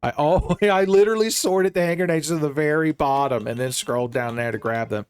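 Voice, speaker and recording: A man giving casual, jokey let's-play commentary, rambling and breaking into excitable outbursts. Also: a little high, brisk, clean tone, faint music behind. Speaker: gaming streamer.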